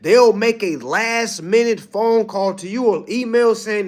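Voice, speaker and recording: A man's voice: sits high, unhurried. A man coaching his clients in a blunt, preachy talk, teasing them and asking "All right?" again and again. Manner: animated, mocking and laughing at his audience. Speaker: business coach addressing clients.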